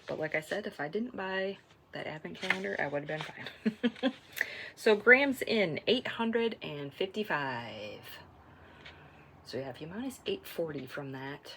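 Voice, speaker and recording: A woman hosting a knitting podcast, chatting casually and self-deprecatingly, often trailing off into soft asides. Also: on the low side, a little hiss or hum. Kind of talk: casual stash-tracking chat.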